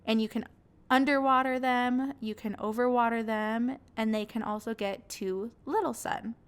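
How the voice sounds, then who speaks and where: A woman's voice: a little high, steady tone, moderate pace, clean tone. Candid young woman hosting a podcast. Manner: candid and earnest, laughing now and then. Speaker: podcast host. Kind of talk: personal podcast monologue.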